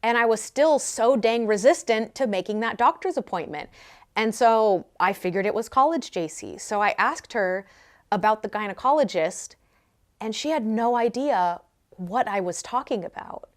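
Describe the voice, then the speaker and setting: A woman's voice: on the high side, animated, moderate pace. A young woman vlogger telling a personal story candidly, with self-mocking humor.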